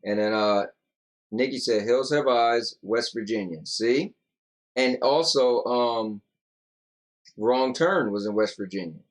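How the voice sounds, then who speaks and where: On a laid-back podcast, a weary young co-host yawns, wanders through loose chatter, and reads out comments from viewers. He talks slowly in a medium-pitched voice.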